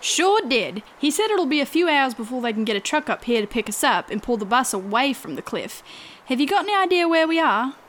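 A woman's voice: high-pitched, sing-song, brisk, a bit bright. A woman playing a prim park ranger.

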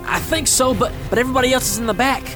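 An actor playing a folksy, rugged mountain guide who talks in a homespun drawl. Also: male voice, very high-pitched, racing, music in the background. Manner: folksy drawl, says "reckon".

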